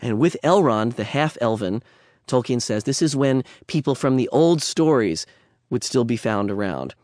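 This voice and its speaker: A man's voice: medium pitch, animated, moderate pace, a little mellow, no echo, studio quality. A man lecturing on literature in a conversational way, with digressions and wry asides.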